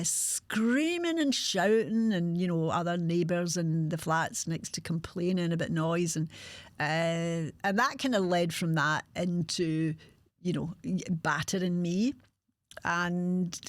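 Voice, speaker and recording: A woman in her sixties with a Glasgow accent, hosting a podcast and telling her own life story frankly, with halting restarts. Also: fairly low pitch, dry recording. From Scotland. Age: 60s. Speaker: podcast host. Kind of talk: candid personal storytelling.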